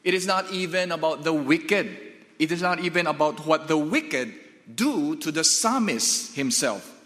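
Man preaching a sermon, slow and deliberate, bright voice, emphatic, long hall reverb. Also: a little high, lively intonation.

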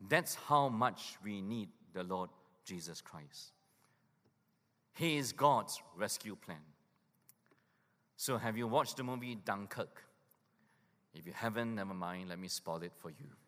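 A male pastor preaching a sermon with emphatic urgency, dropping to hushed lows for weight. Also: lively intonation, slow, pauses often. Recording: long hall reverb.

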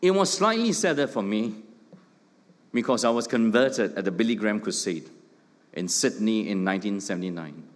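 A man's voice: lowish voice, animated, moderate pace. A middle-aged man, preaching a sermon with emphatic points, rhetorical questions and joking asides. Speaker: pastor. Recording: long hall reverb.

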